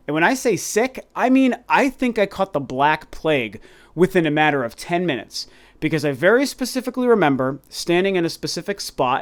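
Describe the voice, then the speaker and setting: A man in his thirties, a gaming YouTuber, telling a long rambling story to his viewers in a casual, animated way. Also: on the high side. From Colorado, USA. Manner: animated, rambling, addresses viewers as "you guys".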